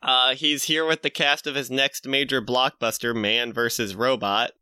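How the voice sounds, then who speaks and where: A man casually retelling a comic plot, laughing often and slipping into quick character voices. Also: medium pitch, fairly even intonation, pushed and bright, smooth, dry recording, clean studio sound. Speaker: podcast co-host retelling a comic. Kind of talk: casual comedic recap chat.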